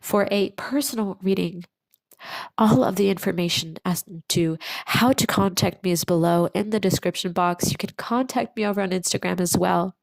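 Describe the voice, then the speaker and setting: A woman giving a channeled tarot reading to her viewers, speaking slowly and soothingly and repeating phrases for emphasis. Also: medium pitch, creaky, no room sound, rough recording. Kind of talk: channeled pick-a-card reading to camera.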